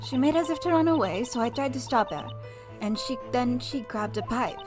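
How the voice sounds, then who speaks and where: A woman's voice: fairly high pitch, animated, normal speed, close to an everyday voice. A proud, theatrical ship's cook, as a woman puts her on who rolls her words in a thick Italian accent. Her lines swing in a sing-song way, with game music running underneath. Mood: boastful. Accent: put-on Italian. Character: brash female ship's cook, middle-aged. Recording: game music playing behind.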